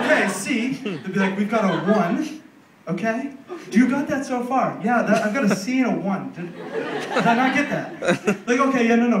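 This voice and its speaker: Brief: young American male comic, high-pitched, animated storyteller, roomy distant club recording with noise. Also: fairly quick. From United States. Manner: rambling, animated storytelling with acted-out voices. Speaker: stand-up comedian. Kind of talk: stand-up comedy set. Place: comedy club stage. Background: audience laughter.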